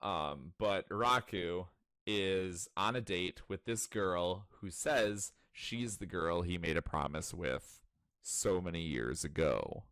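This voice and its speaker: A man co-hosting a casual podcast, recapping a story with animated, profane storytelling. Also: deep voice, slow pace, smooth, dry recording, studio quality. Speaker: podcast co-host. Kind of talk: casual chat.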